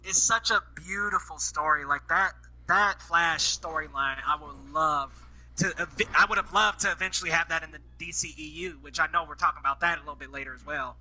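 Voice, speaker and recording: Bright, high-voiced man on a podcast. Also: a little fast, rough recording. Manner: blunt, swearing, dismissive slang. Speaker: podcast co-host. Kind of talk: casual podcast chat.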